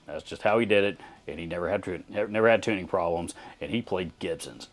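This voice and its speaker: A man's voice: low-pitched, a little fast. Blunt, sarcastic man from Texas. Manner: blunt, sarcastic, rambling with restarts. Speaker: channel host reading viewer comments. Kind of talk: casual commentary.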